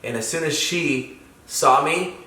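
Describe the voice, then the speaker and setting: Earnest father with a bright voice. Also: on the high side, measured pace. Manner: earnest, sincere, drops soft when quoting. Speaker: father telling a family story. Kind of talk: casual family storytime chat. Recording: echoey room, mic at a distance.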